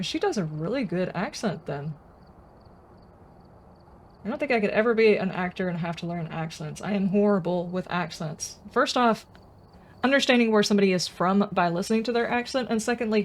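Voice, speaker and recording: A woman's voice: mid-range voice, a little hiss or hum. A woman streaming a game, chatting casually and rambling as she answers her viewers' comments. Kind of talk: casual live-stream chat.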